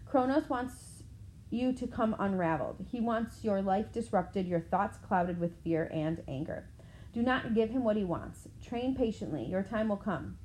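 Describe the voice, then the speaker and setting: A woman voicing a weary, wise old male centaur teacher who speaks calmly and firmly. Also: medium pitch, a little hiss or hum, close to an everyday voice, poor audio. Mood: grave. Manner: calm, measured, gently firm.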